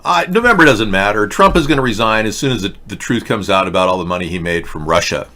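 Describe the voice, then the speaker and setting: A man's voice: fairly low pitch, expressive, fast talker, bright, forceful tone, a little hiss or hum. A man hosting a livestream political rant, sarcastic, mocking and rambling as he talks to his chat. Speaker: host.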